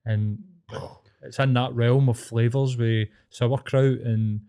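A man's voice: medium pitch, steady tone, slow pace, dark tone, clean tone. A Scottish man co-hosting a podcast, chatting in enthusiastic, sweary banter. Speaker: podcast co-host. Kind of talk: casual chat.

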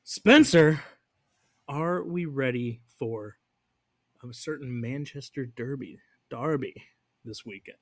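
An American man hosts a podcast in a loose, casual way. He keeps up playful, teasing banter with his co-host, and his voice sits at an everyday middle pitch. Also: slow pace, a bit bright. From United States. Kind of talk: casual chat.

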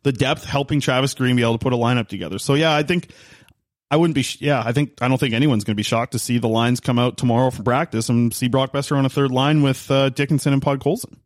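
A man's voice: mid-range voice, fast talker, no room sound, studio quality. A man co-hosting a casual hockey podcast, telling stories with lots of restarts and fillers. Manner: rambling storyteller with many restarts. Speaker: podcast co-host, hockey reporter. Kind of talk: casual sports podcast chat.

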